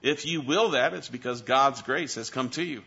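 A man preaching a sermon to his church as pastor, building to emphatic high points and dropping to a soft, quiet voice to close with prayer. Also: normal speed, vocal fry, husky, lo-fi sound.

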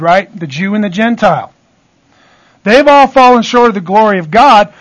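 A male pastor with a fairly high voice delivers an expository sermon. He keeps checking in with his listeners and restates each point to make it stick. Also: a bit bright, poor audio. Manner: checks in with the congregation often.

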